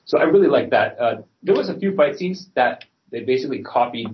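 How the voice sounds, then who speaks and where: Man as casual podcast host, mid-pitched, rambles with fillers, slightly muffled recording. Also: lively intonation, fairly quick. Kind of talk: casual film review chat.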